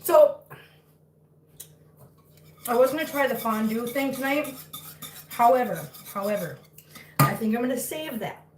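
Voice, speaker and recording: A woman with a fairly high voice hosts a casual livestream from home, slipping between cooing baby talk for her cats and chatty asides to her viewers. She sits some distance from the mic, and the room gives her voice a noticeable echo. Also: expressive, a little slow, long pauses, background noise. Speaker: cat rescue livestream host. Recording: echoey room, far from mic.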